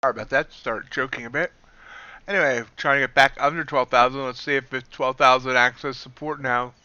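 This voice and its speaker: A man giving casual live commentary on the futures market as he trades, excitable and sometimes talking with his mouth full. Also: mid-range voice, a little fast, clean tone, no room sound, highs cut off. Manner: excitable, eating while talking.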